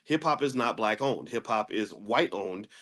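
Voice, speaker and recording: A man hosting a daily finance class. He talks in a casual lecture style, often restarts and repeats words, asks rhetorical questions, and jumps to a high pitch when he makes a point. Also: lively intonation, normal speed, fairly bright tone.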